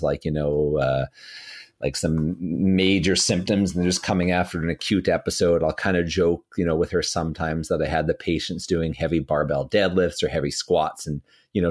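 A man co-hosting a physiotherapy podcast, telling a clinic story in a measured, thoughtful way. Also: deep voice. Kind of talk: casual storytelling chat.

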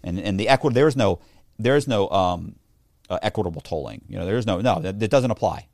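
A man's voice: fairly low pitch, a little fast, dry recording, studio quality. A man recounting a long personal story in an interview, with frequent restarts and self-corrections. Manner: animated anecdote-telling, mimics others in dialogue. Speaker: interview guest. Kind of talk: casual storytelling.

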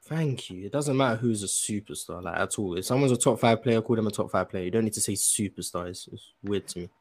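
Fast-talking blunt man, low voice. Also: a little mellow. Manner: blunt, stubborn, insistent. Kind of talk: casual basketball debate chat.

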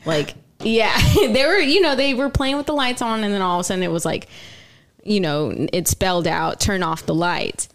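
A woman's voice: mid-range voice, normal speed. A young adult woman telling a story in casual podcast chat, chatty and giggly, with lots of "like" and "y'all".

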